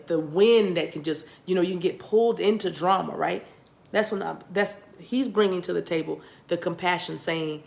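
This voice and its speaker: A woman's voice: fairly low pitch, gravelly. An American woman giving a spiritual card reading, talking directly to viewers, repeating and restarting her words. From United States. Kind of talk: tarot-style card reading.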